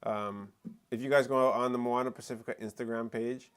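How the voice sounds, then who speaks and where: A man's voice: medium pitch, steady tone, fairly quick, clear, resonant tone. A man co-hosting a live stream, talking casually and rambling with many fillers and restarts. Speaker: co-host of a live talk stream. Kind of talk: casual chat.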